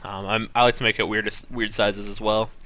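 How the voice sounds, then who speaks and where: A man's voice: lowish voice, little pitch movement, brisk, pushed and bright. A young man giving casual live-stream commentary on poker, rambling with many ums and correcting himself as he goes. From California.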